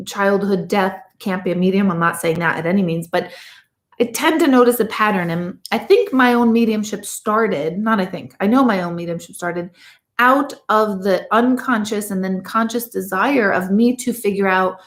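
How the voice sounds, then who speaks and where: A woman's voice: medium pitch, normal speed. Chatty woman medium in an echoey room. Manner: chatty, rambling storyteller with lively asides. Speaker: medium reading viewer comments. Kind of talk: casual livestream chat.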